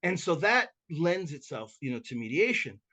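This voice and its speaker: A mediator appears as a podcast guest, eagerly telling stories in a slightly high voice at normal speed. Calling himself a talker, he's animated and chatty in this conversational interview, often restarting and repeating words.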